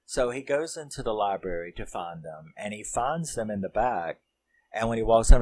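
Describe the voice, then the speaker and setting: Low-voiced male reviewer, mellow, rambling, swears. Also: expressive, normal speed, slight background noise, rough recording. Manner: rambling, emotional, swears, many fillers. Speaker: film reviewer. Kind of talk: casual film recap.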